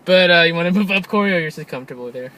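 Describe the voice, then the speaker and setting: A man's voice: high voice, racing, noisy background. A young man co-hosting a casual film review chat, rambling and leaning on "like" with frequent restarts. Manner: rambling, fills with "like" constantly, restarts a lot. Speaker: podcast co-host.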